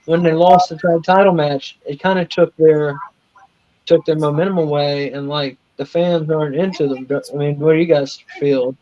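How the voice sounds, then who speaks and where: A man's voice: a little high, fairly even intonation, normal speed, mellow. Blunt swearing man on a dull stream. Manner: blunt, swears casually, voices his own reactions. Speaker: podcast co-host. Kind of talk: casual chat during a wrestling watch-along. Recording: slightly dull lo-fi stream audio.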